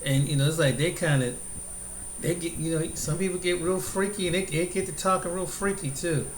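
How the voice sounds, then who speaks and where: A man's voice: fairly high pitch, fairly even intonation, brisk, roomy sound, slight background noise, poor audio. A man hosting a reaction video, rambling casually with lots of restarts and fillers. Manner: rambling, many restarts and fillers, chuckles often. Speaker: video host reacting to a clip.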